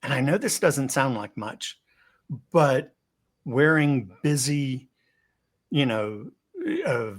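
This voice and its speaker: A man speaking as a guest on a video-call webinar, in a medium voice that keeps moving. He speeds up and climbs in pitch for excitement, then drops low and soft for serious points, often stumbling on a doubled word before he goes on. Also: slow pace, pauses often. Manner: animated, varies pace, pitch and loudness for emphasis; repeats words when starting a thought. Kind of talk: instructional webinar talk.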